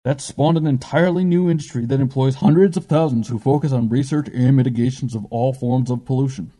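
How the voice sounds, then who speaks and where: A man narrating a story in a measured, steady storytelling manner. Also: mid-range voice. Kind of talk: scripted audiobook narration.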